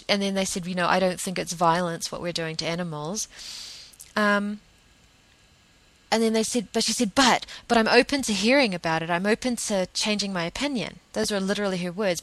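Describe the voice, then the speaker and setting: A woman's voice: lowish voice, fairly bright tone, no room sound, rough recording. Chatty woman telling a rambling story. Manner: chatty, rambling, full of restarts and fillers. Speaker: vegan advocate telling a story. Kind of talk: casual monologue, anecdote.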